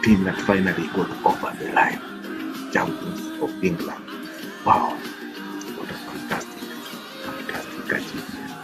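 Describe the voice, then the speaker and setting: Deep-voiced man as a fan channel host, jubilant and chanting his lines, music playing underneath. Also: unhurried, pauses often, poor audio. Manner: euphoric, repeats phrases like chants. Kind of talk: excited fan reaction vlog.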